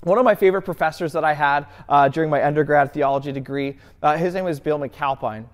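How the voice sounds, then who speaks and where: A man's voice: a little high, quick pace. A man preaching a sermon as a pastor, earnest, often asking himself a rhetorical question and answering it.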